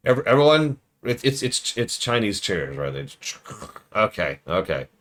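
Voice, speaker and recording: A man streaming a game review, rambling through jokey riffs with deadpan asides. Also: fairly low pitch, normal speed. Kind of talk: casual livestream commentary.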